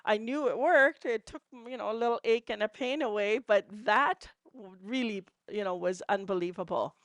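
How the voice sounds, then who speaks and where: A woman's voice: fairly high pitch, moderate pace, no echo. Chatty woman telling stories. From Canada. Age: middle-aged. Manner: chatty, many fillers, laughs at herself. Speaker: entrepreneur sharing testimonials. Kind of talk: casual storytelling to a group.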